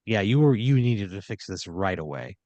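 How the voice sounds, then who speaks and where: Deadpan low-voiced man spinning a comic tale. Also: dry recording, muffled recording. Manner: deadpan second-person narration with drawn-out phrases. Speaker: podcast host spinning a scenario. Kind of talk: improvised comedic storytelling.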